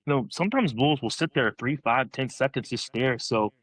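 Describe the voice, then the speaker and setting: A man on a podcast, telling a story in a casual, excited way, rambling, restarting his sentences. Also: medium pitch, normal speed, no echo, poor audio.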